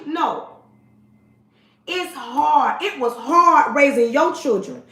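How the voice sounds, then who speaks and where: A woman's voice: high-pitched, slow, a bit bright. A woman in her forties giving an emphatic, preachy livestream monologue, talking straight to her viewers. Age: 40s. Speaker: livestream host. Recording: roomy echo.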